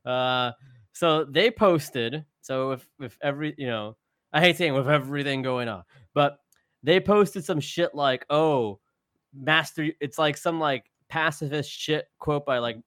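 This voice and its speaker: A man's voice: mid-range voice, measured pace, a bit bright, clean tone, no room sound, clean studio sound. A man co-hosting a podcast in casual chat, profane and mocking, laughing often. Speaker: podcast co-host.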